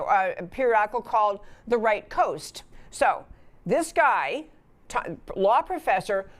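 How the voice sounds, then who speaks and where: Woman host, somewhat high voice, indignant commentary, emphatic, restarts often. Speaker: talk show host. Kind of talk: political commentary monologue.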